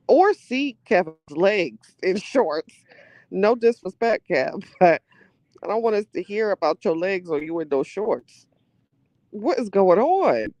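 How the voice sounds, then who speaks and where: Chatty animated woman podcast host. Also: sits low, a little slow, no echo. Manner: chatty, animated, exclamatory with laughter. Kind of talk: casual commentary.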